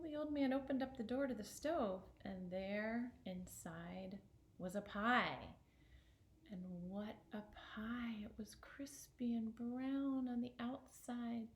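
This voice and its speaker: Woman folktale storyteller, expressive with suspenseful whispers, echoey room. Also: medium pitch.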